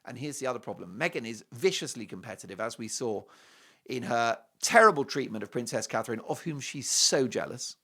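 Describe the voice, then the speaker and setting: A man's voice: medium pitch, lively intonation, fairly quick, bright, forceful tone, breathy edge. A man hosting a TV show, giving an opinionated, mocking monologue with heavy sarcasm and emphatic swings. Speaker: TV show host.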